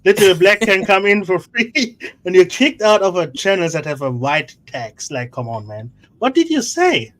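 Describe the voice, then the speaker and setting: A man's voice: high voice, big pitch swings, moderate pace, a bit bright. A man talking as a guest on a livestream, blunt and rambling, swearing freely. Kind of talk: casual livestream chat.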